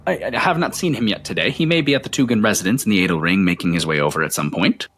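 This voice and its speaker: A man's voice: lowish voice, animated, fast, a bit bright, a little hiss or hum. A man voicing an older male town hall clerk, polite and deferential, flustered at times, in a tabletop game. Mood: officious.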